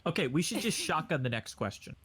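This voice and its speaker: A man's voice: on the high side, fast talker. Young guy on a podcast call, voice jumps all over, keeps things moving. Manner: animated storyteller, pushes the talk along. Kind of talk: casual group chat on a call.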